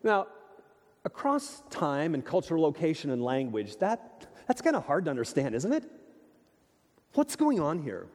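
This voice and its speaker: A man preaching a sermon in a church, emphatic and animated, with rhetorical questions to the congregation. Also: on the high side, normal speed. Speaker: pastor. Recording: long reverb of a large hall.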